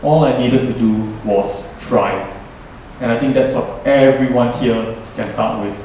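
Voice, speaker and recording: A man's voice: mid-range voice, a little slow, darkish tone. A young man tells a personal story from a stage, speaking earnestly and reflectively. His voice rings through a large, very echoey hall and sounds distant from the recording. Faint noise sits under the speech. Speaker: student emcee. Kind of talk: live stage speech to an audience.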